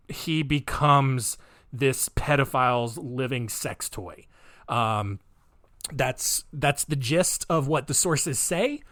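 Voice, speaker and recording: A man's voice: a little high, a bit bright, dry recording, studio quality. Joking man hosting a true crime podcast. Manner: joking, rambling, full of fillers. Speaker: podcast host. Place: home recording space.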